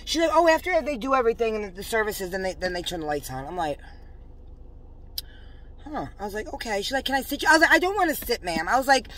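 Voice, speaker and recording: A woman's voice: fairly high pitch, very animated, quick pace, a bit bright, slight background noise. A woman telling a story in a vlog. She is fervently religious, agitated and rambling, and uses many fillers. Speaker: religious vlogger.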